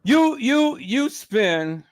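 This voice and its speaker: A man's voice: very high voice, very animated, very slow, no room sound, studio quality. A man ranting on a live stream, swearing heavily and stumbling over repeated words as he gets heated. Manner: profane, repeats words and restarts when worked up. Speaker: livestreamer.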